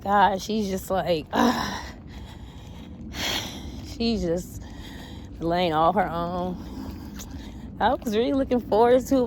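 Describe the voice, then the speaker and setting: A woman chatting casually on a walk outdoors, reacting to an interview with animated, blunt talk, laughter and swearing. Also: mid-range voice, creaky, a little hiss or hum, rough recording. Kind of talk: casual chat.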